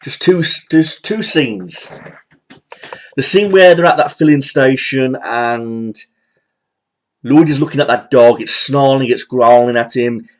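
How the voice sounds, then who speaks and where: A man's voice: mid-range voice, unhurried. A man in his thirties giving a casual, rambling film review, full of fillers, repetition and the odd swear word. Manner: rambling, repeats himself, frequent fillers, occasional swearing. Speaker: movie reviewer. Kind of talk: casual spoken film rant.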